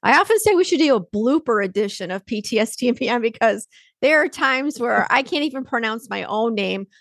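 Her voice is on the high side, gravelly and a bit bright, and she talks fairly fast with animated delivery. This Midwestern-accented podcast host reads her intro and sponsor message in a chatty, upbeat way, full of playful asides.

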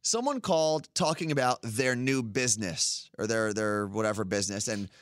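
A man co-hosting a podcast, ranting in animated, exasperated casual chat. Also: lowish voice, moderate pace, no room sound, studio quality. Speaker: podcast co-host.

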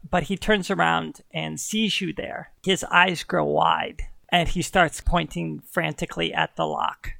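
A game master narrating a tabletop game in a relaxed, unhurried way. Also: medium pitch, gravelly, dry recording.

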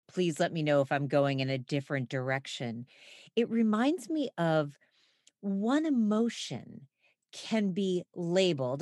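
Expressive woman, lower voice, dry sound. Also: no room sound. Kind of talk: conversational podcast talk.

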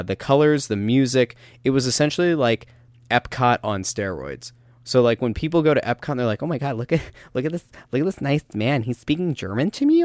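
A man in his thirties co-hosting a casual soccer podcast, telling animated stories with lots of restarts. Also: medium pitch, dry recording. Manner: animated storyteller, rambling with restarts. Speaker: podcast co-host.

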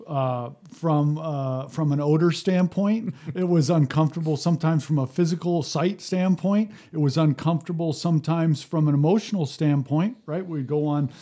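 Man, slightly high, mellow tone; casual storyteller, restarts a lot. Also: normal speed, few pauses. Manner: storytelling, acts out quotes, frequent restarts. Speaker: former fire captain. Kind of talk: casual podcast conversation.

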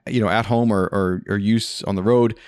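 A man's voice: on the low side, steady tone, moderate pace, darkish tone, clean tone, dry recording. A man hosting a podcast, giving casual, rambling advice with many fillers and restarts into a studio microphone. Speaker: podcast host answering a listener question.

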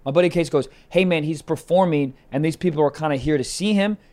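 A man, a comedian and podcast co-host, telling a story in casual chat, animated and cursing often. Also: on the high side, fast. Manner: animated storyteller, swears a lot.

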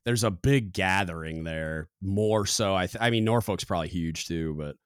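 A man's voice: low-pitched, moderate pace, clear, resonant tone, no echo, studio quality. A man hosting a podcast, chatting casually and giving short encouraging replies to his guest. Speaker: podcast host. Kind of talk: casual interview chat.

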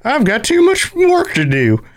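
A man's voice: very high voice, wildly swooping pitch, a little slow, pitched above the performer's own voice, heavily acted. A man doing a cranky old prospector. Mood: grumpy. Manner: gruff, grumbling.

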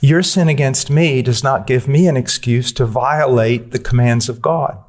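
A man preaches a sermon in an earnest, direct way, pressing his listeners with questions and using blunt, dry humor. His voice is medium-pitched and darkish in tone, at a moderate pace.

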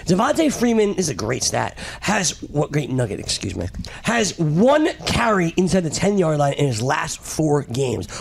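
A man hosting a casual sports chat, reading stats with quick quips. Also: fairly high pitch, creaky, a little hiss or hum. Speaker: podcast host.

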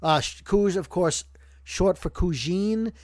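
A man from Brooklyn with a high-pitched voice, chatting loosely as a podcast host. He rambles, jokes and keeps restarting his sentences. The sound is dry and close. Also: slow, a little mellow, dry recording. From Brooklyn, New York. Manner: rambling, joking, self-correcting. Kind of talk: casual podcast chat.

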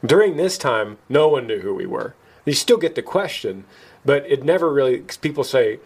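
A man's voice: mid-range voice, normal speed, breathy edge. Man telling a story on a podcast. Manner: animated, acts out quoted lines in a raised voice; laughs at himself mid-story. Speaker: podcast host. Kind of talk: casual storytelling chat.

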